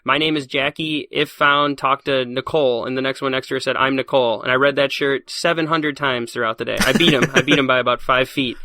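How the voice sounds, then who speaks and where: A man telling stories in a casual podcast interview as a guest, animated and laughing often. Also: medium pitch, no echo. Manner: fast, animated storyteller who laughs often. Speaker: podcast guest, science teacher.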